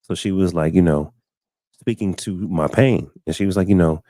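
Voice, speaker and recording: A man with a lowish, dark and mellow voice hosts a casual live-stream talk show. He tells stories by acting out what other people said, often repeating a word or two as he gathers his thoughts. The sound is close and dry. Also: normal speed, no echo. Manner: storytelling, acting out quoted people; repeats words while finding his thought.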